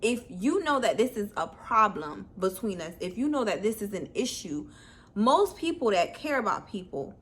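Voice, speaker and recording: A woman vlogger telling a personal story in a casual storytime video, blunt and candid. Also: medium pitch.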